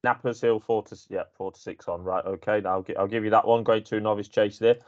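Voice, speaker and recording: Brisk racing-show host. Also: male voice, on the low side, steady tone, dull audio. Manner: brisk, steering, teasing. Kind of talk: casual racing chat.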